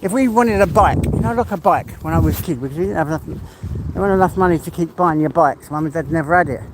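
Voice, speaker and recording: A middle-aged man with an English accent rambles casually while out on a walk in the countryside, his voice sitting slightly high. Outdoor sounds and passing traffic are clearly audible around him. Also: fast talker. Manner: chatty, rambling, talks to his dog. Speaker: vlogger walking his dog. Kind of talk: casual vlog chat. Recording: clear outdoor background noise.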